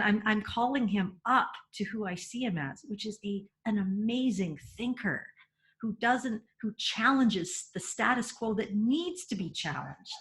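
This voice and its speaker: A woman's voice: mid-range voice, animated, unhurried, a bit bright. Earnest middle-aged woman giving a parenting webinar. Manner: earnest and emphatic, laughs often, repeats words.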